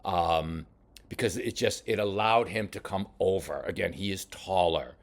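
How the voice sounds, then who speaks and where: A man coaching a boxer while reviewing fight footage, talking casually with many halting restarts. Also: low voice. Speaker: boxing coach. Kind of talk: film study commentary.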